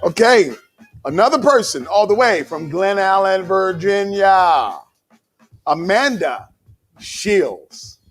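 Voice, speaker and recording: A man with a fairly high voice hosts a live charity gala and calls out the winners. He keeps it playful and jokey, often slipping into a sing-song delivery. Soft music runs underneath. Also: lively intonation, slow. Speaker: emcee and comedian. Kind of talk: live gala hosting, raffle announcing.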